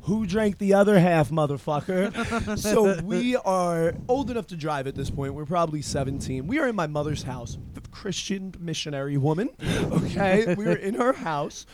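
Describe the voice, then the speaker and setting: A man in his thirties in casual chat, telling animated, profane stories. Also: fairly high pitch, normal speed, background noise. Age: 30s.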